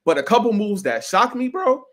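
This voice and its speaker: Animated slangy man talking sports. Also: on the high side, normal speed. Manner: animated, slangy, keeps saying bro; opinionated and emphatic. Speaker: sports podcast co-host. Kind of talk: casual sports talk.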